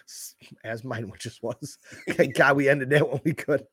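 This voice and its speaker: A man's voice: mid-range voice, fairly even intonation, a little slow, fairly bright tone, husky, no echo, clean studio sound. A man co-hosting a podcast, telling stories animatedly in crude casual chat and swearing freely. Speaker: podcast co-host.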